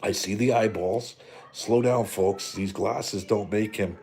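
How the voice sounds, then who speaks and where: Speaking slowly in a fairly low, darkish voice, this livestream host is a middle-aged man from Canada. Faint music plays behind his casual, profanity-heavy rant full of rambling and jokes.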